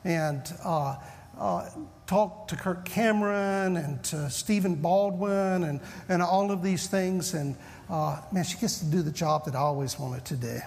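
A man's voice: on the high side, a little slow, vocal fry, a little mellow, long reverb tail. A man in his fifties with a Southern US accent, a pastor opening a sermon with folksy, self-deprecating stories. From Southern United States. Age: 50s.

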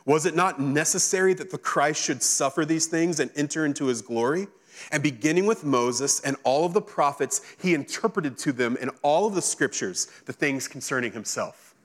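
Man preaching a sermon, higher voice. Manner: reads scripture slowly, then retells it in lively casual speech. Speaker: pastor.

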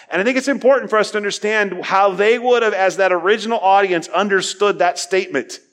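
A man preaching a sermon, earnest, asking his listeners questions and building to emphatic peaks before dropping quiet. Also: high-pitched. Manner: asks the listeners direct questions. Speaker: pastor.

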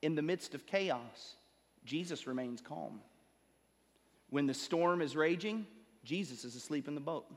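A pastor preaching with a notably high, light voice. He swells with rising emphasis, then sinks into slow, quiet lines for weight. His words ring out with a long tail of reverb, as in a big sanctuary. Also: expressive. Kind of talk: sermon. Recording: long reverb of a large hall.

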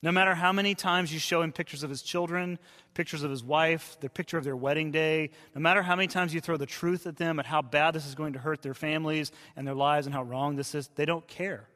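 A man who is a pastor, preaching a sermon in a conversational way and dropping to hushed tones for quoted voices. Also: a little high, steady tone, brisk. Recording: long hall reverb.

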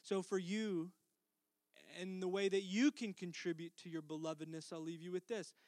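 A middle-aged man preaching a sermon as pastor, earnest, dropping to a soft hush for tender lines. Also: high-pitched, little pitch movement, normal speed, no room sound.

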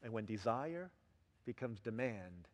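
A pastor with a lowish, unhurried voice delivers a sermon full of everyday stories. He acts out quoted lines with lots of energy, and the recording carries a long hall reverb.

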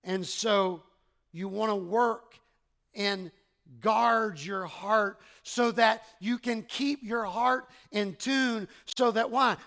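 A man's voice: sits high, a bit bright. A man with a Southern US accent, a pastor preaching a sermon in a conversational, self-deprecating way, often restarting his words and quoting everyday exchanges. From American South.

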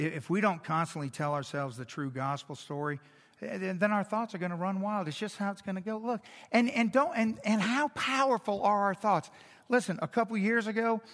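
High, bright-voiced man preaching in a hall. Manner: animated preaching with acted-out dialogue, swinging from loud to hushed. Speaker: pastor. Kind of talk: sermon. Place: large church hall. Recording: long hall reverb.

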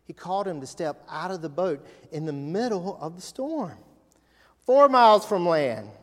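A male pastor preaching an animated sermon, asking the congregation questions. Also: high-pitched, normal speed. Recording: long reverb of a large hall.

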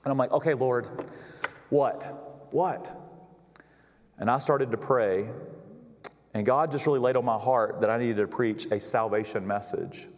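Speaking at a normal speed with fairly even intonation, this mid-range male pastor delivers a sermon, narrating a story and voicing the people he quotes. A long reverb from a large hall surrounds the recording.

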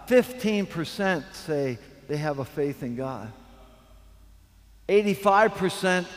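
A man preaching a sermon, telling a story slowly and building to fervent emphasis. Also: on the high side, big-room sound. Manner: storytelling, slow and emphatic, rising to fervent peaks. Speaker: pastor.

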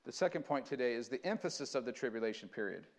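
A man preaching a sermon, switching between earnest conversational teaching and slow, dramatic scripture reading. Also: medium pitch, expressive. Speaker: pastor.

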